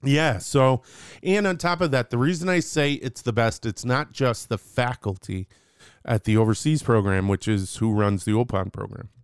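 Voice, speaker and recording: A man's voice: mid-range voice, normal speed, clean tone, no room sound, clean studio sound. A man co-hosting a casual podcast, chatty and jokey, rambling with restarts as he tells stories. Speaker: podcast co-host.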